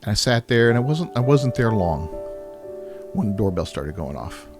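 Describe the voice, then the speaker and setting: Man haltingly telling a personal story. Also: on the low side, sing-song. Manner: halting, rambling, with many restarts and "you know"s. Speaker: vlogger sharing a personal story. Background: background music.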